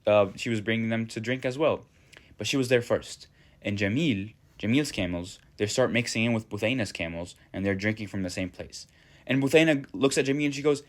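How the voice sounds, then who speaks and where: A man's voice: fairly low pitch, a little fast. A man casually retelling an old love story in a slangy, chatty way.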